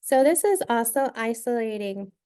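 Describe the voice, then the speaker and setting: A woman's voice: fairly high pitch, animated, normal speed, mellow. Woman modeling a classroom reading drill. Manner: clear, instructive, step-by-step. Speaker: presenter. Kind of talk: teacher modeling a classroom literacy activity.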